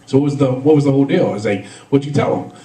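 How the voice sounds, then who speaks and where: A man's voice: mid-range voice, very fast, mellow, echoey room, far from the mic, low-quality recording. A man doing a stand-up comedy set, rambling through stories with lots of fillers and laughs at his own jokes. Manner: rambling, filler-heavy storytelling with frequent laughs.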